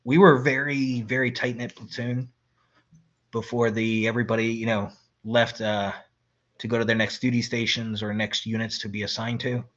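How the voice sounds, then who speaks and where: A man's voice: medium pitch, normal speed, muffled recording. A man, an army veteran, casually telling stories about an old roommate, laughing often and acting out his friend's lines. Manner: relaxed, laughs often, imitates friends mid-story. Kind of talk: casual podcast storytelling.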